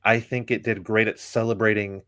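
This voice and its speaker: A man's voice: on the low side, flat delivery, brisk, a bit bright, clean tone, no echo, clean studio sound. A man in casual chat, giving an opinionated critique full of ums and likes. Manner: rambling, many ums and likes.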